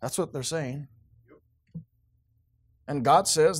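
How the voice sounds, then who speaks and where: A male pastor preaching a sermon, switching between quiet asides and loud, emphatic passages. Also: on the high side, expressive, fairly quick.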